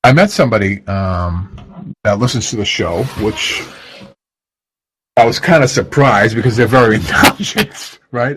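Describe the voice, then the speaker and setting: Male radio host, lower-pitched, rambling chatty delivery, self-deprecating, lots of "um" and restarts. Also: moderate pace, noisy background. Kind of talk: casual radio chat.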